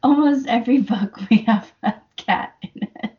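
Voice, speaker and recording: A woman's voice: fairly high pitch, moderate pace, lo-fi sound. A woman co-hosting a book podcast, chatting casually and laughing often as she talks through the story.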